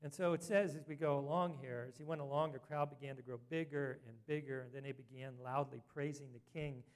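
A man's voice: mid-range voice, steady tone, brisk. A man preaching an earnest sermon as a pastor, rising to emphatic scripture reading.

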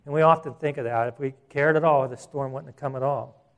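A man preaching a sermon as pastor, earnest, restarting phrases and slowing down for emphasis. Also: mid-range voice, steady tone.

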